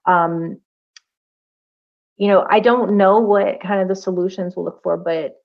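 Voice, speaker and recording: A woman's voice: mid-range voice, fairly even intonation, unhurried, vocal fry. A woman researcher speaking as a podcast guest in a thoughtful, casual way, with many fillers and restarts. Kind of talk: casual interview talk. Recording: dull lo-fi audio.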